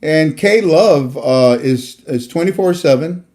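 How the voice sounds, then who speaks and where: Rambling preachy man with a mellow voice. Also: a little high, lively intonation, takes it slowly. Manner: rambling, preachy, with many fillers and restarts. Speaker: host. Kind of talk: casual religious talk to viewers.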